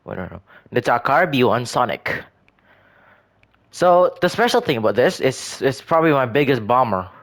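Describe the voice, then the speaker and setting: A man's voice: medium pitch, very animated, normal speed, a bit bright. Rambling man showing off his game builds. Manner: rambling, hesitant, frequent restarts and self-corrections. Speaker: gaming video creator. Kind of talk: casual gameplay commentary.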